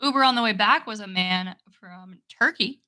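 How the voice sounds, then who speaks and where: A woman's voice: medium pitch, normal speed, sharp tone. A woman co-hosting a podcast, telling a rambling story in casual chat and swearing casually. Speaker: podcast co-host.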